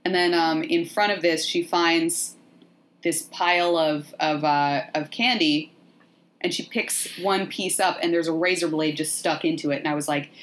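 A woman hosting a podcast, chatting casually as she retells a film with playful, animated asides. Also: sits low, unhurried. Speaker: podcast host.

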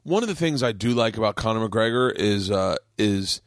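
A man hosting a podcast, chatting casually and telling stories with excitable emphasis. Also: on the low side, normal speed, no room sound, clean studio sound. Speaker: podcast host. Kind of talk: casual chat.

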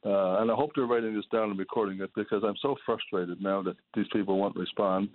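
Hoarse old guy calling in, fed up and pleading, tinny phone line, dry sound. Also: lowish voice, steady tone, fast, no echo. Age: 70s. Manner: exasperated, pleading, repetitive outbursts. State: hoarse, losing his voice. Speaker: caller, charity manager. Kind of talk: call-in radio complaint. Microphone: telephone.

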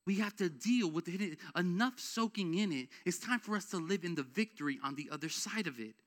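A man's voice: sits high, fairly quick. A man preaching a sermon as pastor, casual and conversational, building to emphatic exhortation. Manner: energetic, rises to emphatic exhortation.

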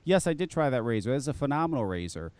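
A man's voice: mid-range voice, very animated, quick pace, darkish tone, dry recording. A man hosting a live online show, chatting casually, laughing often and swearing freely. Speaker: podcast host.

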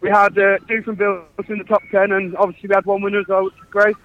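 A man rattles off live race reports in a quick, excited rush. His voice stays high and fairly flat in tone. It arrives muffled and lo-fi, like a phone line into a studio. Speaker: teacher reporting from a school race. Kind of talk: live outside broadcast commentary. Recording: dull lo-fi phone-line feed.

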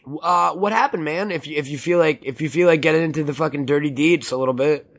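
A man's voice: fairly high pitch, quick pace. A man co-hosting a podcast, joking around in a crude, rambling way with lots of restarts. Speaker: podcast co-host. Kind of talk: casual podcast chat.

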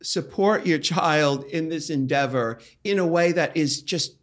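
A middle-aged man hosting a podcast, asking questions in a playful, animated way with plenty of affirmations. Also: fairly high pitch, unhurried. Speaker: podcast host. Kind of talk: casual interview chat.

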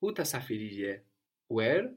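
A man's voice: fairly low pitch, sing-song, measured pace. A man guiding a language lesson, prompting a learner and repeating her answers in a patient, encouraging way. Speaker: language teacher.

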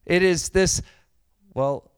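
Speaking slowly in a high, clean voice with no room sound, a middle-aged pastor preaches a conversational sermon. He tells stories with growing animation and drops in a dry joke.

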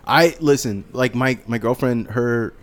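A man from the Bay Area chatting casually and swearing freely, telling stories with quick impressions. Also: medium pitch. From San Francisco Bay Area, USA. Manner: profane, animated storytelling with impressions. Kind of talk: casual chat.

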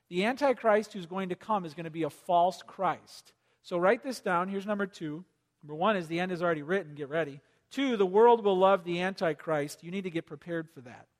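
A man preaching a sermon as pastor, animated and lively, asking the audience to take notes. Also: high voice, fairly quick, big-room sound. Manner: animated, acts out quoted voices, asks the audience to take notes.

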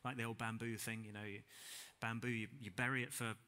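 A man preaching a sermon to a church congregation, talking casually and self-deprecatingly, then building to emphatic peaks before dropping quiet. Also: medium pitch, level tone, a little fast.

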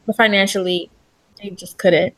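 A woman's voice: mid-range voice, steady tone, moderate pace, fairly bright tone. A young adult woman from the United States, chatting expressively as the interviewee in a casual interview.

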